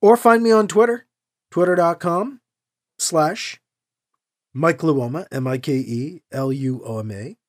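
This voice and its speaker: A man hosting a fiction podcast and narrating an audiobook chapter in an animated, expressive way. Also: fairly high pitch, measured pace.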